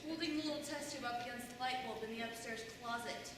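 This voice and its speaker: A student actor, a young woman with a fairly high, natural voice, speaks quickly in a stage monologue as a wry, bitter middle-aged mother, telling a story with sardonic humor and mimicking others. She's on a school stage in a large hall, picked up by a distant room mic. The sound is echoey and far off, with faint noise.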